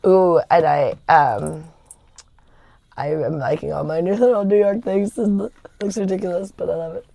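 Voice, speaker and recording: A woman's voice: on the low side, normal speed, vocal fry, dark tone, no room sound. A woman chatting casually on a livestream, rambling with lots of fillers and laughter. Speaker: livestream host. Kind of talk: casual chat.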